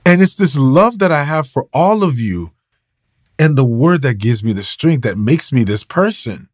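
Husky-voiced man preaching a casual sermon. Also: fairly low pitch, darkish tone, no echo. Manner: casual, emphatic, repeats key phrases, addresses listeners as y'all. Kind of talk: livestreamed devotional sermon.

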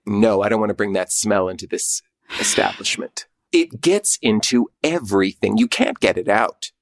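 A man's voice: on the low side, moderate pace, natural voice. Man as a melodramatic, self-pitying shop owner, theatrical and weepy, for comic effect. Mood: dramatic.

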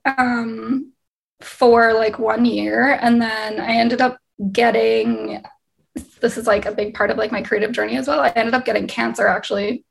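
A young woman from Canada talks through a video-call interview in a loose, rambling way, peppering every thought with fillers and easy laughs. Her voice sits fairly high, with a heavy gravelly fry running through it. The sound comes over a home video connection. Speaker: singer-songwriter guest.

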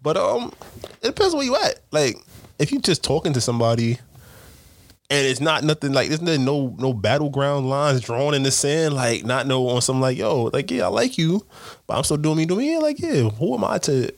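Man, podcast co-host, slangy banter, animated pitch, dry close sound. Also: moderate pace, creaky, no room sound. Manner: loud, laughing, slangy banter. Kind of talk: casual chat.

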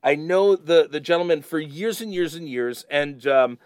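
A man co-hosting a podcast in casual chat, excitable and rambling, often repeating himself. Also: a little high, moderate pace, dry recording, studio quality. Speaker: podcast co-host.

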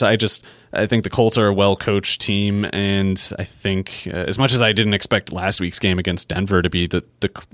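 A man talking sports in a casual, analytical way, his voice pitched on the low side. He thinks aloud in long, run-on stretches and often backs up to restart a sentence. The sound is close and dry, with no room echo. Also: fairly bright tone. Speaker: fantasy football podcast co-host.

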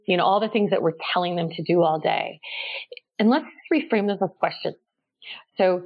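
A woman guest on an interview explaining parenting tips in a calm, measured, gently explanatory way. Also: fairly low pitch. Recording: slightly dull lo-fi sound.

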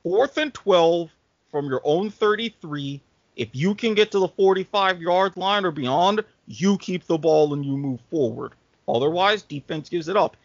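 Podcast co-host, man with a high voice, thinks aloud as he talks; dry, muffled recording. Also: animated, no room sound. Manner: halting, thinks aloud with fillers. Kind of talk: casual sports podcast chat. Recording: dull, dry lo-fi podcast audio.

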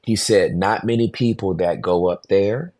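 Deep-voiced man telling a vivid story. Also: unhurried, no room sound. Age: 40s. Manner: animated storyteller, acts out voices, laughs often. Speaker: pastor, podcast guest. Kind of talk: storytelling in a podcast interview.

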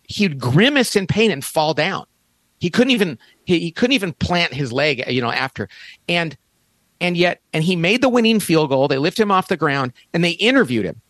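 A man in his fifties, appearing as a podcast guest, tells a story with enthusiasm, restarting emphatically as he goes. His voice is a little high and fairly bright, with no room sound.

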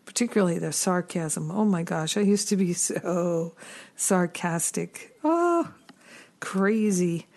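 Slow, earnest woman spiritual teacher. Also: on the low side, steady tone, gravelly. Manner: unhurried, earnest, with gentle self-deprecating asides. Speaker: spiritual teacher and podcast host. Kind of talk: reflective spiritual teaching talk.

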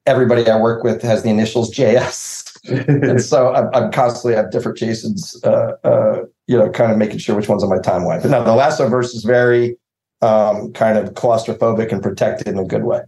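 A man's voice: lowish voice, steady tone, a little fast, dark tone, reverberant, low-quality recording. A man telling rambling, self-deprecating stories and laughing often in a casual podcast chat over a video call. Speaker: showrunner guest.

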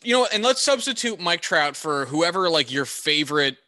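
Bright-voiced sarcastic man. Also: on the high side, sing-song, normal speed, no room sound. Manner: dry, sarcastic humor. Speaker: podcast co-host. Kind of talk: casual sports chat.

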